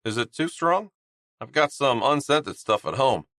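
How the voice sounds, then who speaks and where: A man's voice: medium pitch, lively intonation, measured pace, fairly bright tone, no echo, studio quality, voice pushed up. A man voicing an upbeat, chatty young male hockey player in an audiobook. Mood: cheerful. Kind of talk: audiobook character voice.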